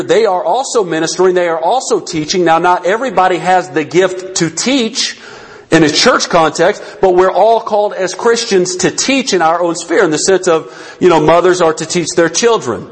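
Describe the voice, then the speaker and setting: A man's voice: high-pitched, slightly rough. A man preaching a sermon, earnest and growing fervent, often restarting his sentences. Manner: earnest, rising to fervent emphasis, many restarts. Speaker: pastor.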